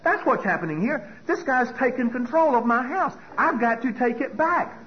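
A man sharing his recovery story from a podium as a personal testimony, telling it in an animated way and acting out other people's voices. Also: very high-pitched, moderate pace. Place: speaking at a podium. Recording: dull lo-fi recording with faint hiss.

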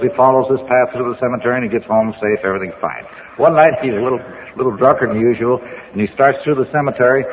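A man's voice: medium pitch, slight background noise. A man in a rambling, folksy storytelling talk who tells jokes and chuckles at his own punchlines. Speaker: speaker telling his drinking story. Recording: tinny narrow-band old recording in a reverberant hall.

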